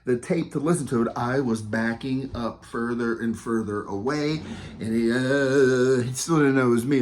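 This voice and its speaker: A man telling a casual anecdote as a tribute, animated and rambling, with many fillers and self-corrections and an easy, self-amused humor. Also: medium pitch, normal speed. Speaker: storyteller giving a recorded tribute.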